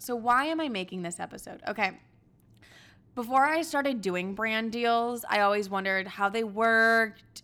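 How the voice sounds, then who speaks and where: A woman's voice: mid-range voice, fairly bright tone. A young woman in her twenties hosting a podcast, telling stories in a candid, dramatic way with lots of swearing. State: hungover. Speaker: podcast host. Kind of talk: casual chat.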